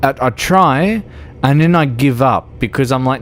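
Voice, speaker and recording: Streaming a driving game, a drunk Melbourne man with an Australian accent talks casually, rambling, cursing, and laughing frequently. His medium-pitched voice is animated and unhurried, and there's a little hiss or hum.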